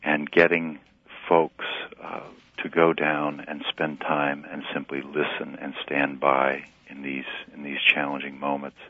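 A man, a pastor and relief director, speaking in an earnest, halting way in a radio interview by phone. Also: rumbling low, no echo. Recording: tinny phone line, dry.

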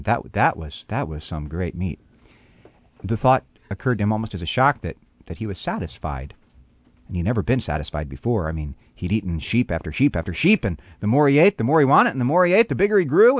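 Male pastor, animated radio storyteller with a lively pitch and a dry, close sound. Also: dry recording. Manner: animated, dramatic storyteller with frequent repetitions.

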